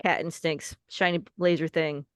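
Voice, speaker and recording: A woman playing a tabletop game, chatting in an unhurried, playful way. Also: low voice, fairly even intonation, clear, resonant tone, no room sound, studio quality. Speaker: player. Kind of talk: casual tabletop chat.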